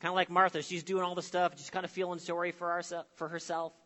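A man preaching a sermon with emphatic phrasing, dramatic pauses and sudden drops to a soft voice. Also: sits high, monotone, in a large hall. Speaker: pastor.

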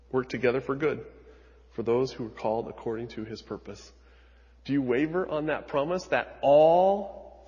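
A man preaching a sermon as pastor, retelling scripture dramatically, moving from hushed lines to emphatic ones. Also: mid-range voice, breathy edge, big-room sound, dull audio.

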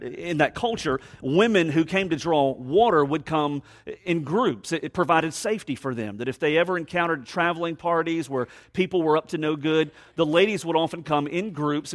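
A man preaches a sermon with a fairly high voice for a man. He reads verses aloud and explains them, pressing hard on key words and then dropping to a hushed tone. He acts out the people he quotes. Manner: expressive, acts out quoted voices, swings from loud emphasis to hushed tones. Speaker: pastor.

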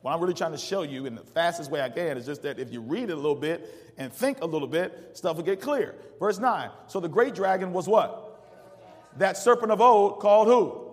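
A male pastor preaching a call-and-response sermon, reading verses aloud and pausing for the congregation to fill in the words. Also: on the high side, animated, in a large hall. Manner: preaches with rising call-outs and asks the congregation to finish verses.

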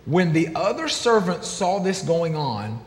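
A man preaching a sermon as pastor, animated and acting out quoted speech in different voices. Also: on the high side, unhurried. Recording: echoey hall, long reverb.

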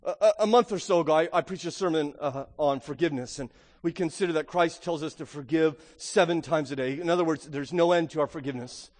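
Brief: male pastor, high voice, emphatic sermon delivery, long hall reverb. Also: fast. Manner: emphatic, rhetorical questions, frequent "right?". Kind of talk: Easter sermon preaching.

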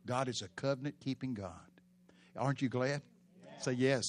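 A man preaching a sermon, telling the story dramatically with sudden shouted peaks. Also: medium pitch, normal speed.

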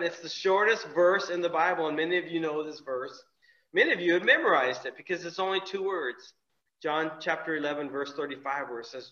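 A man's voice: fairly high pitch, bright, forceful tone. A man preaching a sermon as a pastor, talking in a loose, conversational way with frequent restarts and fillers. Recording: echoey room, dull lo-fi sound.

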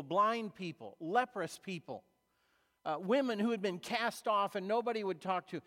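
A man preaching a sermon as a pastor, retelling a story in a conversational way with dramatic pauses. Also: sits high, a bit bright. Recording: long reverb of a large hall.

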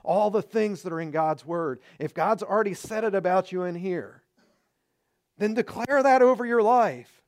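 A man's voice: high-pitched, normal speed. A male pastor preaching a sermon, earnest and exhorting, hammering home short repeated phrases.

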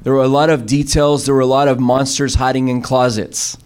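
Animated storytelling man preaching. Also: fairly quick, clear, resonant tone. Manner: animated, acts out quoted voices with sudden pitch jumps; storytelling with many fillers and restarts. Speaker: pastor. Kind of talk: sermon.

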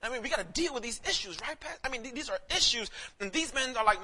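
A male pastor preaching a casual, animated sermon, swinging from shouts to hushed lines and calling listeners man. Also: extremely high pitch, fast talker, few pauses. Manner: casual street talk, calls listeners man.

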